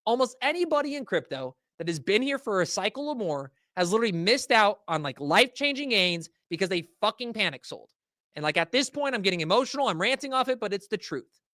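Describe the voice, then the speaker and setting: Man, livestream host, casual slangy rant, swears, high voice, dry close sound. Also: sing-song, fairly quick, pushed and bright, no room sound. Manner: casual, slangy and profane, addressing chat directly.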